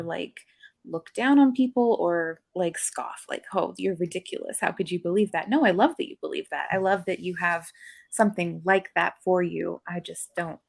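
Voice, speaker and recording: A woman's voice: on the low side, gravelly. A woman on a podcast panel, talking candidly and rambling with many fillers in casual chat.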